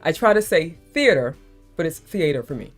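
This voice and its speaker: Chatty female stream host, neutral American accent, lively and expressive delivery. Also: low-pitched, fast, soft background music. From South Florida, USA. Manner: chatty, laughing, calls people baby. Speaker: livestream host. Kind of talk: casual live-stream chat.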